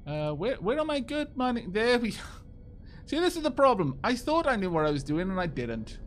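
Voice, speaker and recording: Welsh male game streamer, quick and chatty, fairly high and very lively pitch, self-mocking, soft music underneath. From Wales. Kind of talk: casual live-stream chat over gameplay.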